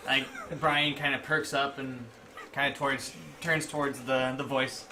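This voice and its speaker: A man's voice: medium pitch, little pitch movement, unhurried, bright, forceful tone, a little hiss or hum. A man playing a tabletop game, laid-back as he describes his character's actions. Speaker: player. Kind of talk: casual tabletop play.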